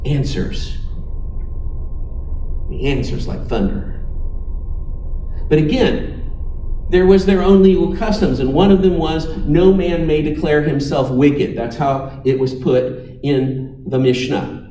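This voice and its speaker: A man preaching a sermon with emphatic, dramatic pauses, now and then inviting listeners to repeat after him. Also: on the high side, expressive, dark tone, roomy sound, distant mic, a little hiss or hum, rough recording.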